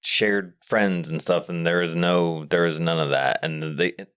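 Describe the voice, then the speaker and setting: A man with a very low voice talks through his ideas slowly and carefully on a casual podcast. He often restarts his sentences as he hunts for the right word. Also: steady tone, fairly bright tone, smooth. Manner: thoughtful, searching for words, frequent restarts. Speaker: podcast co-host. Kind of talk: casual movie discussion.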